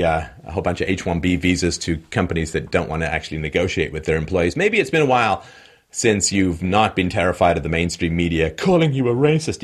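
A man's voice: deep voice, husky. A man giving a solo political commentary in a sarcastic, mocking way, with frequent laughs.

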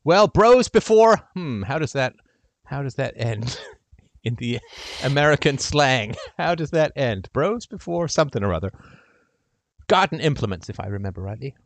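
A man hosting a call-in show, giving impassioned advice and speaking to the caller's brother in role-play, swinging from loud to hushed. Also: medium pitch, animated, normal speed, vocal fry, no room sound.

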